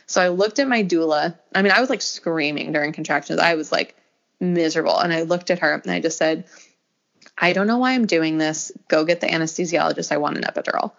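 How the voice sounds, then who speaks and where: A woman's voice: quick pace, gravelly. A young adult woman telling a personal story in casual conversation, acting out quoted lines and laughing often. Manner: animated, acts out quoted lines with pitch jumps, laughs often. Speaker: podcast guest telling a birth story. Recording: dull lo-fi audio.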